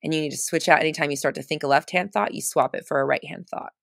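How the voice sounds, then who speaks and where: A woman's voice: low voice, steady tone, fast talker, gravelly, a bit bright, dry recording, studio quality. A woman giving casual, chatty coaching on a live stream, full of fillers and restarts, stressing points by repeating phrases.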